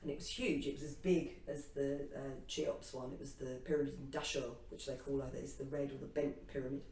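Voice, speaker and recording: Woman telling an animated story, echoey. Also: rumbling low, brisk. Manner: animated, acts out her own past reactions with laughter. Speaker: co-host. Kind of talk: casual storytelling chat. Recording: echoey room, distant mic.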